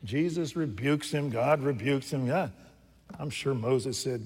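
A man preaching a sermon from the pulpit, jumping from loud emphatic lines to hushed asides and putting questions to his congregation. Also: medium pitch, unhurried, breathy edge. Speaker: pastor. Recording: long reverb from a large hall.

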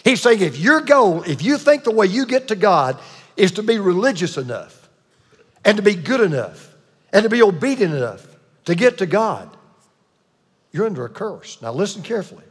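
A man's voice: high-pitched, very animated, moderate pace, husky, in a large hall. A man preaching a sermon with emphatic delivery, repeating key points and calling on the congregation to answer. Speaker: pastor.

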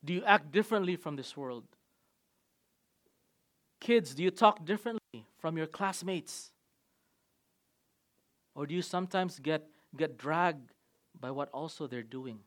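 A man as pastor preaching a sermon, emphatic, with sudden swings between loud and soft. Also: on the high side, lively intonation, a little slow, long pauses.

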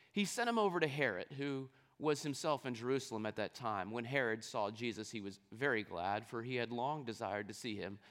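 A man's voice: medium pitch, a bit bright. Man preaching an explanatory sermon. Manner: explanatory, asks the audience rhetorical questions. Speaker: pastor. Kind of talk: sermon with scripture reading.

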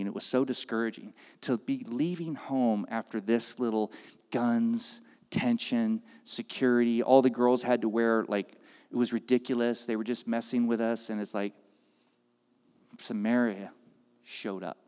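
A man preaching, telling a story with lively delivery and acted-out voices that swing from loud to hushed. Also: mid-range voice, moderate pace, in a large hall. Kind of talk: sermon storytelling.

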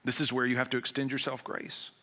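A man preaching a sermon as pastor. He talks in an earnest, conversational way with everyday humor, swinging between loud emphatic passages and hushed ones. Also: mid-range voice, completely flat delivery, fast talker.

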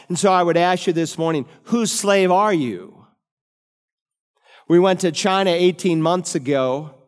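Man preaching in a reverberant church. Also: a little high. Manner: emphatic preaching, rising on key words, then slowing. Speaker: pastor. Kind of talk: sermon. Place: church sanctuary. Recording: long hall reverb.

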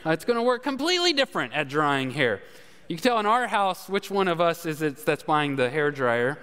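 A man's voice: fairly high pitch, very animated, fairly quick, fairly bright tone, smooth. A man preaching, telling a folksy, self-deprecating story with many fillers and "all right?" asides. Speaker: pastor. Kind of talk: sermon storytelling. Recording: long hall reverb.

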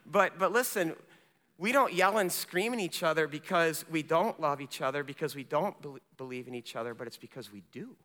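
Male pastor preaching, bright and forceful, alternating loud and hushed delivery, long church reverb. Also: on the high side. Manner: impassioned, swinging between loud emphasis and hushed speech. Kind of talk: sermon.

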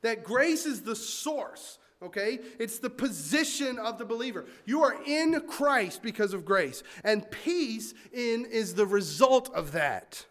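High-voiced man preaching with big swings. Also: measured pace, hardly any pauses. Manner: animated, swings from loud emphasis to quiet asides; acts out listeners' complaints in mock voices. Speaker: pastor. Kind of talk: sermon.

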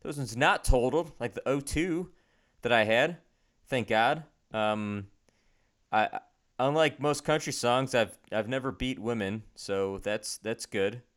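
A young man on a podcast, rambling in a self-deprecating way and filling gaps with ums and uhs. His voice is smooth and clear at a middle pitch, recorded on a home studio mic. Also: unhurried, a bit bright. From Chicago area. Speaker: podcast co-host. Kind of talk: casual chat. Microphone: home studio microphone over a video call.

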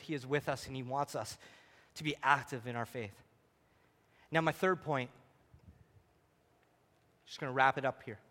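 A man preaching a sermon as pastor, swinging between near-shouted exclamations and quiet, hushed passages. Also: mid-range voice, in a large hall.

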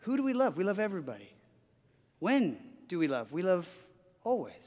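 A man in his forties, a pastor preaching a sermon, telling a personal story in an animated way, often restarting his sentences. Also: sits high, brisk. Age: 40s. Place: church sanctuary. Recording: long hall reverb.

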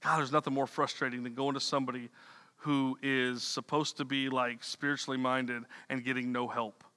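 A man's voice: medium pitch, little pitch movement, normal speed, pushed and bright. A man preaching a sermon in a loose, conversational way, repeating words and dropping slangy asides. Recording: long reverb of a hall.

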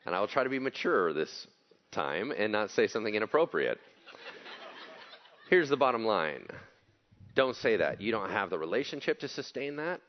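Man, pastor, sermon, casual and blunt, very lively pitch, dull lo-fi recording. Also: normal speed, long pauses. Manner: casual, blunt, acts out quotes in voices.

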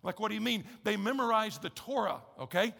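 A man's voice: high voice, lively intonation, a little fast, creaky, sharp tone. A man preaching a sermon as pastor, conversational and emphatic, repeating key phrases with wry humor. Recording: echoey church hall.

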